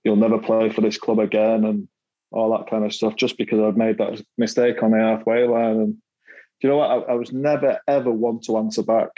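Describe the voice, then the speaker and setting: Speaking at a moderate pace in a fairly low, flat, mellow voice, this middle-aged Manchester man is a former footballer chatting as a podcast guest. He laughs frequently and repeats words while poking fun at himself over his playing days. The recording is muffled.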